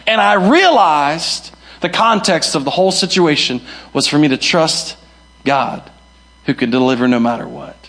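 Preaching a sermon, a male pastor shifts between sudden high shouts and gentle low asides while giving voice to the people he quotes.

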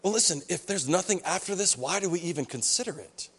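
A man's voice: high-pitched, lively intonation, quick pace, fairly bright tone, husky. A male pastor preaching a sermon in a church hall, talking conversationally and acting out what people say. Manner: conversational preaching, acts out quoted voices.

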